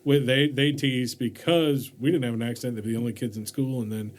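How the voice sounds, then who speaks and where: A man's voice: mid-range voice, steady tone, fairly quick. A man hosting a podcast, asking questions and telling stories in a chatty, rambling, jokey way. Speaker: podcast host. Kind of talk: casual podcast interview.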